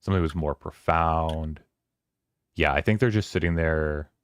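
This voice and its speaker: A man's voice: very deep voice, moderate pace, clear, resonant tone, no echo. A man hosting a casual book club discussion on a stream, rambling and paraphrasing scenes from the story.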